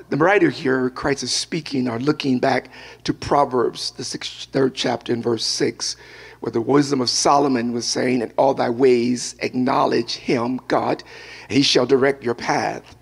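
An older male pastor delivers a sermon. His voice is gravelly and a little husky, set at an ordinary pitch. He moves easily from reading scripture into telling a personal anecdote. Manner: storytelling preacher, mixes scripture with personal anecdote.

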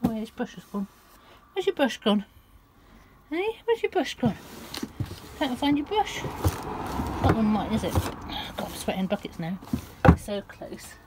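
A woman's voice: mid-range voice, sing-song, measured pace. A woman, vlogging casually outdoors at a campsite, chatting away and slipping into fond baby talk with her cat. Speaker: van-life vlogger. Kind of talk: casual vlog chat to camera. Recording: outdoor background noise.

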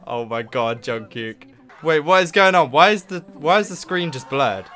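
A man's voice: on the high side, normal speed. A young man hosting a reaction video in casual, rambling chat, gasping "oh my god" and filling gaps with "like". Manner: excitable, rambling, full of "like" and "oh my god".

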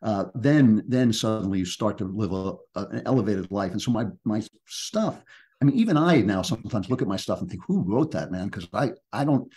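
A man's voice: on the low side, animated, brisk, warm tone. A man speaking as a podcast guest author, reflective and emphatic, often restarting his sentences. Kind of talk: podcast interview conversation.

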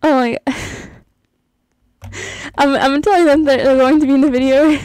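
A woman's voice: high-pitched, steady tone, moderate pace, a little mellow, dry recording, rough recording. A young woman chatting casually as she plays, gushing and giggling often as she comments on her game. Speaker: gaming YouTuber.

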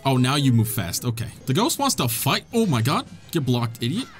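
Man, gameplay commentary, excitable, joking, laughs a lot, lively pitch, faint music behind. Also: moderate pace. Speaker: gamer.

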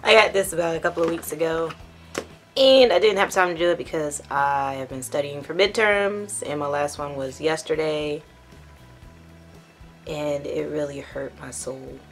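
Casual young female beauty vlogger, deep congested voice, talks in loose rambling asides. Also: normal speed, soft background music. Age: young adult. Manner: chatty, rambling with self-corrections. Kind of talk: casual makeup box review.

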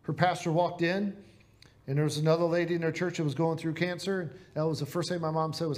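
A man's voice: fairly high pitch, steady tone, fast. A man with a Midwestern American accent preaching a sermon in a church, earnest and conversational, asking the congregation rhetorical questions. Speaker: pastor.

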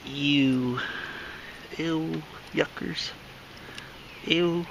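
A man's voice: very slow, creaky, long pauses, highs cut off, a little hiss or hum. A man vlogging casually outdoors on a walk, playfully cooing and calling to his dog. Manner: playful, coos and calls to his dog in a high voice.

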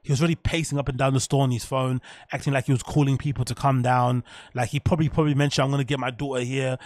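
A man's voice: mid-range voice, level tone, rapid-fire, darkish tone, dry recording, clean studio sound. A man hosting a podcast, reacting bluntly and with profanity to a news clip in a casual commentary style. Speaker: podcast host.

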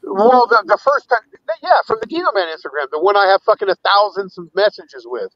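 A man's voice: high-pitched, expressive, fairly quick, a bit bright, highs cut off. A man joining a livestream panel as a guest, rambling and laughing often through casual banter.

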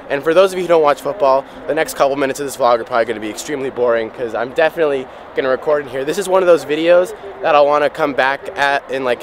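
A man talks to his handheld camera in a museum hall, gushing and excited. A steady noisy background runs under his voice at a medium pitch. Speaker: vlogger. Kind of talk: casual vlog commentary.

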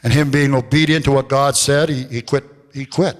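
Preaching man in a reverberant church. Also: fairly even intonation. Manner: storytelling preacher, rises in pitch for quoted voices, slows for emphasis. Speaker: pastor. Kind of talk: sermon. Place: church sanctuary. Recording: long church hall reverb.

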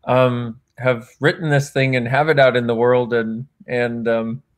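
A man's voice: mid-range voice, little pitch movement, measured pace. A man, an author, chatting casually in a conversation, laughing often, acting out remembered dialogue, and rambling and correcting himself as he goes. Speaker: author and guest.

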